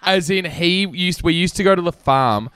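A young man, co-hosting a podcast with animated, jokey banter. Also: sits high, clean tone, no echo. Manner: animated, jokey, quick to laugh. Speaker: podcast co-host. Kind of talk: casual chat.

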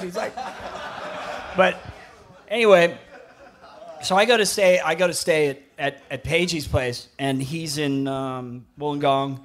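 A middle-aged American man with a high, lifted voice spins loose, profane stories as a guest. He rambles, laughs into his own lines and jumps into squeaky impressions of the people he quotes. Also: moderate pace, crowd noise. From United States. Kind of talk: casual storytelling chat.

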